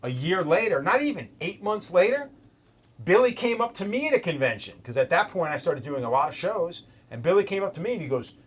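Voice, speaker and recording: Profane, animated middle-aged man. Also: high voice, brisk, breathy edge, poor audio. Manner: profane, animated storyteller acting out quoted lines. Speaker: host, tattoo artist. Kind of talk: casual chat, telling stories.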